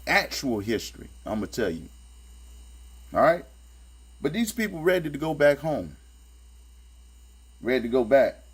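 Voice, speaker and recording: A man's voice: big pitch swings, moderate pace, pauses often, slightly rough. A man giving casual spoken commentary as he reads and critiques scripture, talking in a streetwise, sarcastic, emphatic way and repeating his points. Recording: low electrical hum behind the voice.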